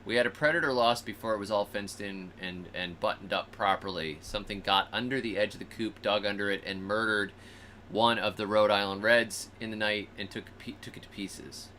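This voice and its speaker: A man's voice: on the low side, brisk, slight background noise. A man hosting a show, telling stories casually and animatedly, acting out the animals and people in them. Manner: animated, acts out animals and people in funny voices. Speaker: host. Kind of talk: casual storytelling.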